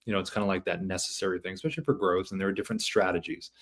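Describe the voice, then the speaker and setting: A man with a very low voice hosts an interview. He affirms what his guest says and brings in each new topic with a short question. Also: steady tone, racing. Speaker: podcast host. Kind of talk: interview hosting.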